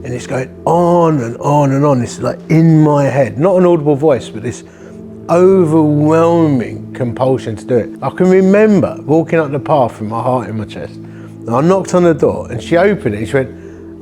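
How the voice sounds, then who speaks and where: A man's voice: on the high side, expressive, moderate pace, warm tone, faint music behind. A man, a church-planting vicar, telling a personal story in a conversational, vivid way and acting out the voices. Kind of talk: storytelling testimony.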